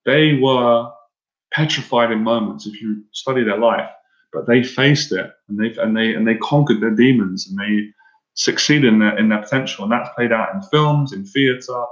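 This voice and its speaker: A man's voice: mid-range voice, moderate pace. A man speaking earnestly and emotionally in a live-stream monologue, often stumbling and repeating himself as a coach. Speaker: dating and anxiety coach. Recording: roomy, dull lo-fi sound.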